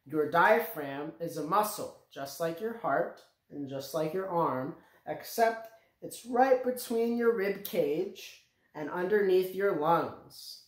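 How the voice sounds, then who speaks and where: A man leading a children's music lesson, his voice rising and falling in an animated, lively way. He speaks slowly and clearly, coaxing the little ones to sing along, and the recording has a roomy echo. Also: fairly high pitch. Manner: slow, clear and encouraging, speaking directly to children. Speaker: music teacher for young children.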